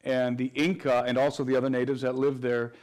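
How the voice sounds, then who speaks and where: Man explaining in a flat, even tone. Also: medium pitch, fairly quick. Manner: earnest, explanatory, frequent restarts and fillers. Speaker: guest researcher. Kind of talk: interview answers.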